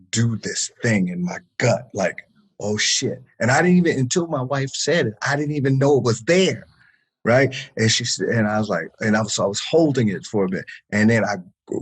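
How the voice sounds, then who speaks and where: Husky low-voiced man, emphatic storyteller. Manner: emphatic, with many restarts, repeated words and swearing. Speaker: podcast guest, therapist. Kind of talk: casual interview storytelling.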